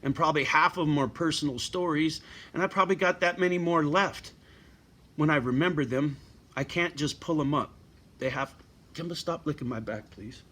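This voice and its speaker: Middle-aged male vlogger, blunt and profane, surly rant, higher bright tone. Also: normal speed. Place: at home with his dog.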